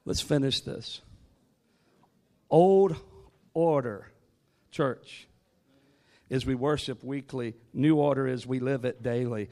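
A man's voice: mid-range voice, slow, pauses often, darkish tone. A man preaching a sermon, moving from joking asides to rising call-and-response exhortation. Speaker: guest preacher.

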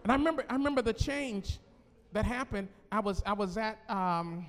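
A male pastor preaching a sermon in a church, animated, with call-and-response and laughing asides. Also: high voice, moderate pace, long reverb tail, slight background noise.

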